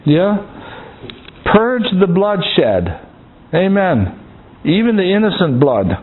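A man preaching a Bible-study sermon, halting and repeating words, often asking the congregation "Amen?". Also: fairly high pitch, sing-song. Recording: tinny phone-like line.

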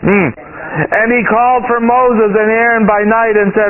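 High-pitched preacher over tinny radio. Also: male voice, fairly even intonation, a little slow. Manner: emphatic, rising to high exclamations. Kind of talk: sermon. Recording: tinny phone-like radio broadcast.

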